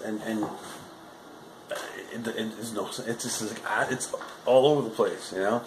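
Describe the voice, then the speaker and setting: A man's voice: medium pitch, a little slow, echoey room, noisy background. A man giving a casual, rambling spoken movie review, often restarting sentences and adding frustrated asides.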